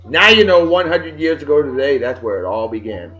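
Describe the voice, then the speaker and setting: A man reads off the day's history and throws in blunt, jokey opinions. His voice sits a little high for a man. The recording is dull and lo-fi, like a cheap home setup. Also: sing-song, fairly quick, a bit bright. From Massachusetts. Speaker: video blogger. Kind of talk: casual daily history rundown.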